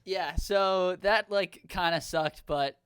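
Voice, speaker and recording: A man's voice: high-pitched, slow pace, fairly bright tone, smooth, no echo, clean studio sound. A young man from Minnesota co-hosting a casual podcast, telling a rambling story and acting out the quoted dialogue. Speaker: podcast co-host.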